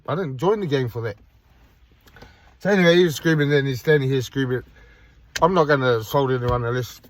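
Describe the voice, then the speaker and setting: Man, vlog, casual storytelling, rambling, blunt, frequent restarts, mid-pitched voice, phone in a car. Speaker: vlogger. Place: parked car by a park, outdoors.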